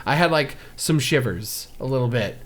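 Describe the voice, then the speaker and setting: A man's voice: medium pitch, lively intonation, fairly bright tone. A man co-hosting a podcast, chatting casually and laughing easily as he riffs. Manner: giggly, quick to laugh and riff. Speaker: podcast co-host. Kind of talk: casual comedic chat.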